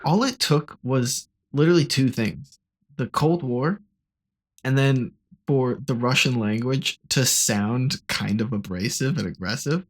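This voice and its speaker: A man's voice: mid-range voice, a little slow. A man co-hosting a casual film podcast, dropping short, dry quips. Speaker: podcast co-host.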